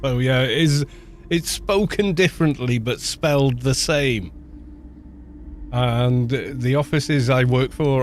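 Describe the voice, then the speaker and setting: Slow-talking North Welsh man. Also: mid-range voice, a little hiss or hum. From North Wales. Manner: chatty, rambling, with frequent restarts. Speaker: streamer. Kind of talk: casual chat.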